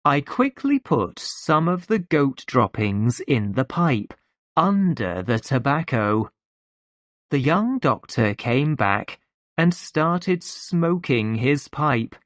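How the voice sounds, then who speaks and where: Very slow lively storybook narrator. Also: medium pitch, dry recording, studio quality. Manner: very slow, clear, lively intonation. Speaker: audiobook narrator. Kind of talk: slow scripted narration for learners.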